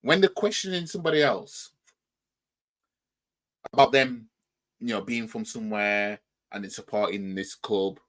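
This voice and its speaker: A man's voice: fairly low pitch, a little slow, long pauses, a bit bright. A man with a Yorkshire accent hosting a football reaction channel, talking in a rambling, argumentative way and firing off rhetorical questions. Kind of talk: casual reaction commentary.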